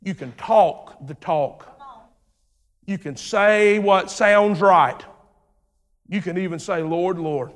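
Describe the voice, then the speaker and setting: A male pastor delivering a sermon, swinging from rhythmic shouted lines down to low, hushed phrases. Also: takes it slowly, pauses often, big-room sound.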